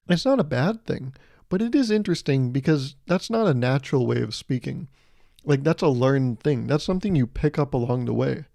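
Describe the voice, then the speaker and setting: Mellow-voiced man rambling comedically. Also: medium pitch, lively intonation, normal speed, creaky, no echo, clean studio sound. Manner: rambling, playful, self-amused asides. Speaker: podcast host. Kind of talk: comedic monologue.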